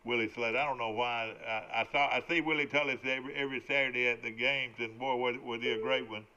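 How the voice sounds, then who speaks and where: An older man hosts a morning sports talk show, his voice bright and clear. He rambles and restarts his sentences often. The broadcast audio is dull and lo-fi. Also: medium pitch, steady tone, fast talker. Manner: rambling, full of hesitations and restarts.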